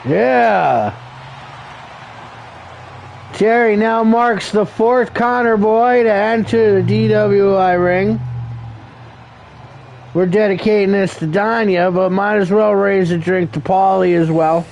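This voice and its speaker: A man's voice: high-pitched, slow, creaky, long pauses, darkish tone, highs cut off, a little hiss or hum. A man calling an amateur wrestling show as commentator, crude and joking, rambling and calling people brother. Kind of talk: profane play-by-play commentary.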